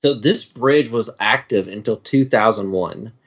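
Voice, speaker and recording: Low-ish dude rambling thru a story on a podcast, lots of ums, kinda dull lo-fi sound. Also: male voice, unhurried, fairly bright tone. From Texas. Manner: rambling storyteller, many fillers. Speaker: podcast co-host. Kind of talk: casual chat.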